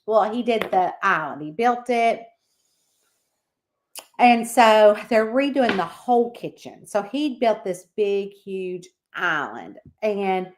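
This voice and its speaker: A woman hosting a casual livestream, chatting and reading out viewer comments by name. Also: mid-range voice. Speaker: livestream host.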